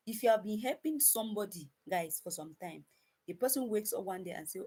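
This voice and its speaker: This woman's medium-pitched voice is expressive, mellow, and slightly rough, moving a little fast. In casual commentary to viewers she calls "guys," she emphatically repeats phrases and often stumbles and restarts.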